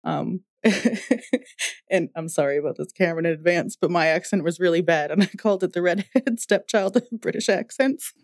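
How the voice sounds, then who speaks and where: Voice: mid-range voice, normal speed, dry recording, clean studio sound. A person co-hosting a casual gaming podcast, chatty and self-deprecating. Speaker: podcast co-host.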